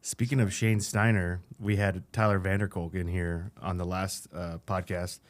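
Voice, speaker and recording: A man's voice: low-pitched, little pitch movement, moderate pace. A man hosting a podcast in casual chat, laid-back, asking short questions and laughing along with his guest. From former Navy SEAL. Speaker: podcast host.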